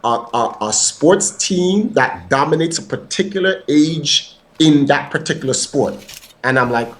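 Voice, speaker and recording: A man's voice: on the high side, a little slow. A man hosting a podcast in a casual, emphatic, profane rant that rambles from point to point. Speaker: podcast host.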